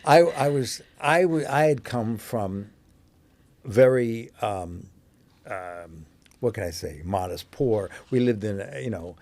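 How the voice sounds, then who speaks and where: A man's voice: lowish voice, expressive, slow pace, a little mellow. An older American man from New York, a guest telling rambling stories with many fillers and chuckles. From New York, USA. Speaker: interview guest, actor. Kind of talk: casual anecdotal storytelling.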